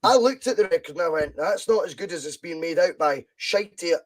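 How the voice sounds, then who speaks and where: A man's voice: fairly high pitch, fairly quick. A Scottish man hosting a football podcast, talking bluntly and swearing freely as he argues his opinions. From Scotland. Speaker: podcast host. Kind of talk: casual football podcast chat.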